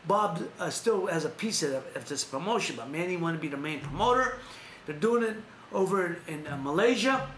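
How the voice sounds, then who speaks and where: A man's voice: on the high side, expressive, a little fast, few pauses, a bit bright, roomy sound, a little hiss or hum. A man hosting a live stream, talking boxing news in a loose, rambling way with frequent restarts and laughs. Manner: rambling, self-correcting, laughs often. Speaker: host. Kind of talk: casual boxing news chat.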